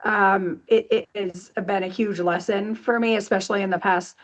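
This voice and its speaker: A woman's voice: medium pitch, steady tone, moderate pace. Chatty woman, dull lo-fi sound. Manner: upbeat, chatty, laughs easily. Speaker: podcast guest, company executive. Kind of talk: casual interview talk.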